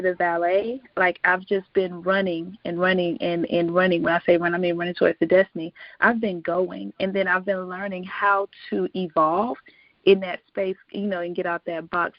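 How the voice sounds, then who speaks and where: A woman's voice: fairly low pitch, flat delivery, normal speed, no echo. A woman, a guest on a podcast, telling stories in a reflective, casual way and laughing often. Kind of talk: casual interview chat. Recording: dull lo-fi podcast audio.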